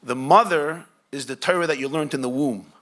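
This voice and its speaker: Speaking to a live group at a normal pace, a rabbi with a higher-pitched, fairly bright voice gives a conversational Torah class. He quizzes his audience and slips in humorous asides.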